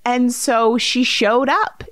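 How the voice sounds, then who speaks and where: A woman in her thirties hosting a podcast, telling a story in a lively, chatty way and acting out quotes. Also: on the high side, takes it slowly, no echo, clean studio sound. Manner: animated storyteller, acts out quotes. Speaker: podcast host. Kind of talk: casual chat.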